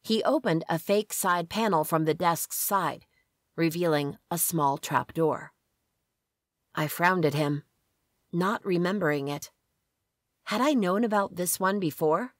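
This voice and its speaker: A woman reading a first-person story aloud as an audiobook narrator, in a measured, steady way. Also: on the low side, no room sound, studio quality.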